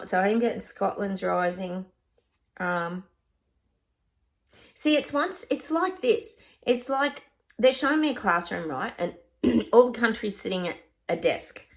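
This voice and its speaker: A woman with an Australian accent, a psychic chatting casually to camera in a rambling way, often stopping to laugh. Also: mid-range voice.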